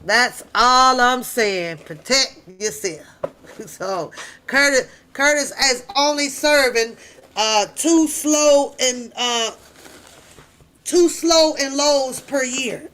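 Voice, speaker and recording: A middle-aged woman hosting a casual live chat, telling stories loudly, laughing often and cursing freely. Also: high voice, slow pace, slight background noise. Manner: loud, laughing, profane storytelling. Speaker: livestream host.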